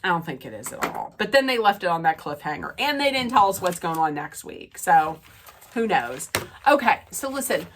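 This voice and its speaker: A woman with a slightly low voice talks through a reality TV episode in a loose, rambling recap, full of fillers and restarts. Her nose is stuffed up, so she sounds nasal and congested as she chats. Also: big pitch swings, moderate pace, slight background noise. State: stuffy, draining sinuses. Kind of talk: casual recap and rant.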